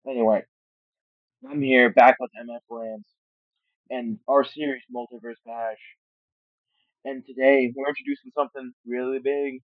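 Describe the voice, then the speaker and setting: A man's voice: mid-range voice, little pitch movement, moderate pace, pauses often, no echo. Tired dude rambling bout his channel late at night, stumbles a lot, jokey tangents, tinny dry mic. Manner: rambling, joking asides, admits stuttering. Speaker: channel host. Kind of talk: casual commentary on a fan game roster.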